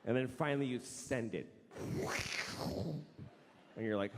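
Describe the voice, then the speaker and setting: A man's voice: medium pitch, normal speed, long pauses, darkish tone. A man doing a stand-up comedy set, swearing freely and acting out the voices of the people in his stories. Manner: profane, acts out quoted voices. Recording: long hall reverb, faint noise.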